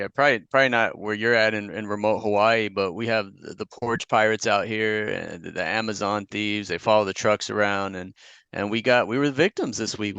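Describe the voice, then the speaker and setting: A man's voice: on the low side, fairly bright tone, clear, resonant tone, no room sound, dull audio. A man co-hosting a podcast, talking in a laid-back, plainspoken way in casual sports banter. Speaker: podcast co-host. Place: Long Beach.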